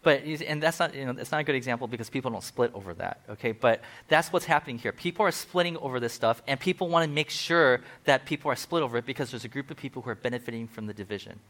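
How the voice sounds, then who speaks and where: Male pastor with a mid-range voice, preaching in a relaxed, talky way. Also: mid-range voice, fast talker, few pauses. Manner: chatty, with asides and acted-out quotes. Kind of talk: conversational sermon.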